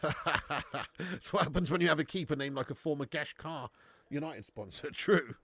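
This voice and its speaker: A man's voice: fairly high pitch, normal speed, a bit bright, no echo. A man hosting a live football watch-along, reading out viewers' comments, swearing and laughing in laddish banter.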